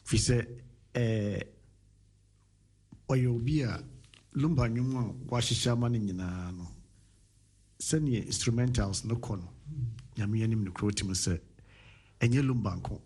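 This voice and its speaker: A man's voice: lowish voice, a little slow, long pauses, warm tone, slightly rough. A man hosting a radio talk show, chatting casually and affirming callers with frequent murmurs. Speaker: radio host.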